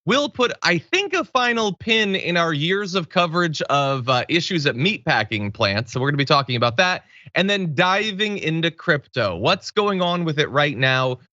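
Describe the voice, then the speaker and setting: A man's voice: fairly high pitch, normal speed, hardly any pauses, no room sound, highs cut off. A man hosting a casual news talk show, joking and laughing with his co-host. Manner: jokey, animated, laughs often.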